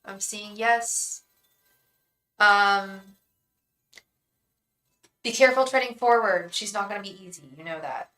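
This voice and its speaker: A woman's voice: medium pitch, moderate pace, long pauses, sharp tone, faint music behind, low-quality recording. A young woman hosting a live tarot reading, chatting effusively with viewers and thanking them by name.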